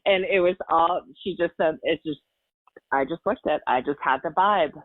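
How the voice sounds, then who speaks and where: A woman's voice: deep voice, moderate pace, dry recording. A woman in her forties telling a personal story in a podcast chat, earnest and emotional, rambling with fillers and restarts. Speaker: podcast guest. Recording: tinny phone-like line, dry.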